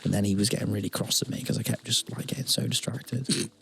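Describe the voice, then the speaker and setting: A man's voice: fairly low pitch, fairly even intonation, fast talker, creaky, a bit bright, slight background noise. A young man, co-hosting a podcast, telling stories in a rambling, self-mocking way with dramatic outbursts. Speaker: podcast co-host. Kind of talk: casual storytelling chat.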